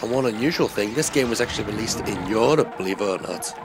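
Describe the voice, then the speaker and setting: A man giving a relaxed, rambling voice-over commentary on a retro game, with lots of filler words. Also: lowish voice, quick pace. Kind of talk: casual gameplay commentary voice-over. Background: game music.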